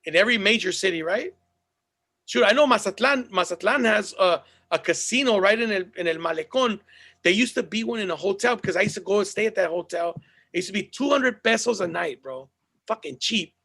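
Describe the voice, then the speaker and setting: A man's voice: high voice, expressive, a little fast, gravelly, sharp tone. A man hosting a casual podcast, chatting in a loose, profane, laid-back way. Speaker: podcast host.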